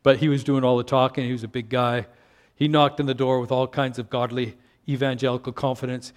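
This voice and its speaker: A man's voice: medium pitch, level tone, fairly quick. An older man from Canada, a pastor preaching a sermon with earnest emphasis and frequent stammered restarts.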